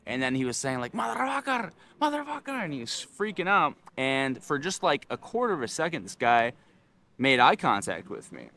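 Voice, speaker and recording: Animated young man telling a story. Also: moderate pace. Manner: animated, acts out screaming with loud high yells. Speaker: vlogger. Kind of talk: casual storytelling to camera.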